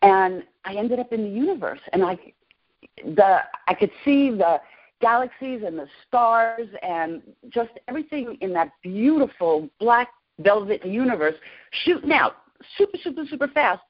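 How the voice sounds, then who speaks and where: A woman in her sixties, a podcast guest, excitedly and emotionally telling a personal story. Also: on the high side, normal speed. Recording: lo-fi podcast audio.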